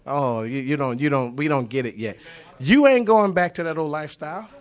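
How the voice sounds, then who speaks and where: A man preaching a sermon with passion, repeating phrases and shouting key words for emphasis. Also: on the high side, expressive, a little fast.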